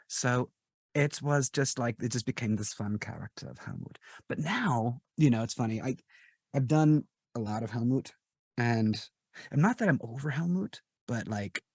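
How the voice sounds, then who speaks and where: A chatty, verbose man gives a podcast interview in a gravelly voice with a husky edge. He tells his stories with animation into a close mic. The sound is dry, with no room echo. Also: mid-range voice, lively intonation, normal speed, a little mellow. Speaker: guest, ASMR artist and actor.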